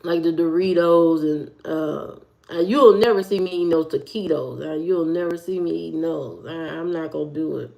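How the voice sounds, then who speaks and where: Woman live streamer, lowish voice, casual rambling home chat with viewers. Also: moderate pace, creaky, dark tone. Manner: rambling, loose and talkative, with frequent fillers and repeats. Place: at home, indoors.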